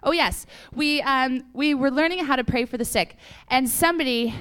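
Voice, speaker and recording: A woman's voice: high voice, normal speed, a bit bright, clean tone. A young woman giving a casual testimony to a church audience, telling stories chattily with laughs and fillers, a little sniffly. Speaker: church speaker.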